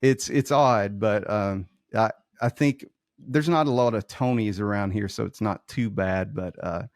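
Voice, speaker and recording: A man's voice: on the low side, unhurried, no room sound, studio quality. A man in his forties hosting an interview in an easygoing, jokey way. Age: 40s. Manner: easygoing, jokey, laughs often. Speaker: podcast host. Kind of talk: casual interview chat.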